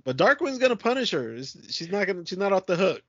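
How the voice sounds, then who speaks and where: A man's voice: sits high, very animated, quick pace, slightly rough, dry recording. A man co-hosting a cartoon podcast, laid-back and agreeable, adding plot details. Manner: laid-back, lots of yeahs and laughs. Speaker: podcast co-host. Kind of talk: casual chat. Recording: dry, dull lo-fi sound.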